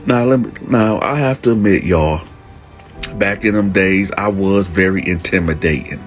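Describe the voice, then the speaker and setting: A man's voice: deep voice, normal speed, soft background music. A man who hosts a channel, casually and emphatically telling a prison story and often calling out to his listeners. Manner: emphatic, streetwise, keeps addressing the audience.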